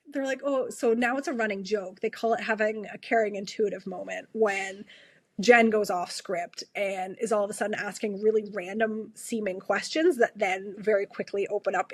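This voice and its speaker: A woman's voice: medium pitch, slightly rough, no echo. A woman from Canada, an emergency room nurse, telling stories in a casual conversation, chatty with lots of fillers and frequent laughs. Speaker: ER nurse guest.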